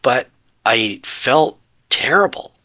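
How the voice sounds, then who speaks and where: A man's voice: mid-range voice, animated, slow pace, bright, forceful tone. A man in his forties, a podcast guest earnestly telling his own story and acting out the conversations he had. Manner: earnest, retells talks with quoted dialogue. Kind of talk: personal storytelling.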